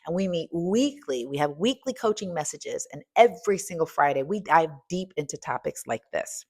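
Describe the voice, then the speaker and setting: A middle-aged American woman coach talks with a highly animated, swooping voice. She preaches in a casual, colloquial way, full of "y'all" and "ain't". She moves between quiet asides and loud, emphatic exclaiming. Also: moderate pace. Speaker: coach and podcast host. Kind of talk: energetic motivational talk.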